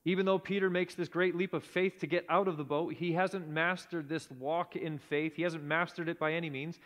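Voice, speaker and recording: A man preaching a sermon in earnest tones, often dropping to a hushed low voice for emphasis. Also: steady tone, moderate pace, big-room sound. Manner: earnest, drops to a hushed low voice at key points. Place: church sanctuary.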